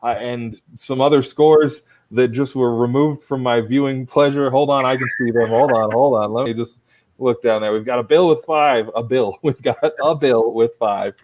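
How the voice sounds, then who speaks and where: A man's voice: mid-range voice, normal speed, darkish tone, poor audio. A man hosting and judging an online improv competition from home over a laptop, chatting loosely, rambling and teasing the players with mock-strict rulings. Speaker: improv show host and judge. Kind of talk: casual comedic emceeing.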